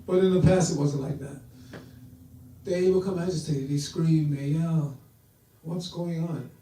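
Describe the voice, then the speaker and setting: A man's voice: fairly high pitch, steady tone, moderate pace, dark tone. A man giving a sermon, telling stories and acting out the voices he quotes. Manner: storytelling, acts out quoted voices. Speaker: preacher. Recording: echoey hall, voice from far off.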